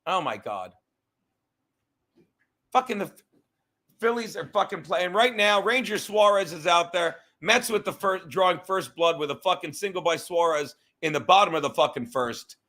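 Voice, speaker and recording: Livestream host, male, high and bright, profane rambling rant, easily sidetracked. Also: animated, moderate pace.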